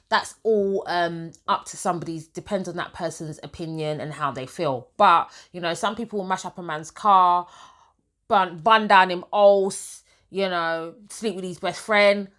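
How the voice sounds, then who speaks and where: A woman a slightly low voice chats casually to camera, sharing her opinions. She talks emphatically, stacks up long lists, and slips into her talk. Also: fairly bright tone. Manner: chatty, emphatic, piles up lists. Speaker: gossip vlogger.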